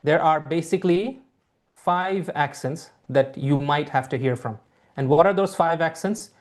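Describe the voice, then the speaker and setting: A man teaching a live online class over a video call, speaking in a measured way and repeating phrases for emphasis. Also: on the high side. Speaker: IELTS teacher.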